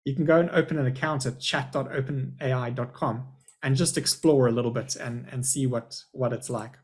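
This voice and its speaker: A man's voice: medium pitch, fairly even intonation, fairly quick, darkish tone. A middle-aged man, a school principal, giving a chatty, upbeat live webinar presentation over a video call.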